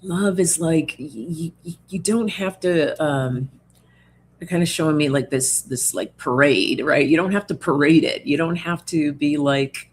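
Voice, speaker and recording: Her voice is low and her pace measured, with a slight hiss or hum in the recording. Running an oracle card livestream, she casually reads out viewer comments, chatting reassuringly, laughing a lot, and filling her speech with fillers.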